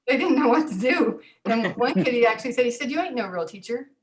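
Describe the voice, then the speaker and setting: Older woman telling lively stories. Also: a little high, fairly quick, rough recording. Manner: animated, acts out dialogue in quotes. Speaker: interview guest, former teacher. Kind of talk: personal storytelling.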